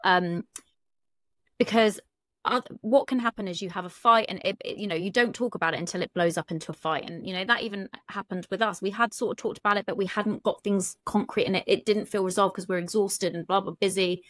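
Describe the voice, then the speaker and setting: A woman's voice: medium pitch, steady tone, brisk, fairly bright tone, dry recording, clean studio sound. Frank British woman, relationship coach. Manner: frank, chatty, swears casually, many fillers. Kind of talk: candid podcast conversation.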